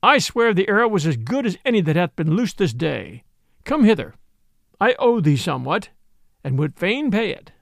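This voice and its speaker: A soft-voiced, gently teasing young outlaw from a storybook, as a male narrator plays him. The gentle voice still rides high and lively in pitch, recorded dry and close. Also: moderate pace, creaky, dry recording, full character voice.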